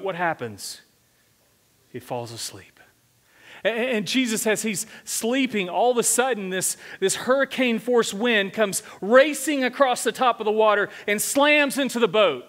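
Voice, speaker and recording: A man's voice: high voice, a bit bright. A male senior pastor preaching a conversational sermon, often asking the congregation questions. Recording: long hall reverb from a church sanctuary.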